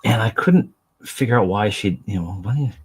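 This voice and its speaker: A man's voice: on the low side, moderate pace, a little hiss or hum. A man chatting casually on a live stream while he paints miniatures, rambling, self-deprecating and talking to his dog.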